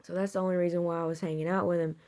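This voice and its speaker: A woman's voice: on the low side, level tone, racing, dark tone. A young woman telling a long personal story to her phone camera, rambling with lots of fillers and "I'm like.". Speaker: vlogger. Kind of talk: casual storytime vlog.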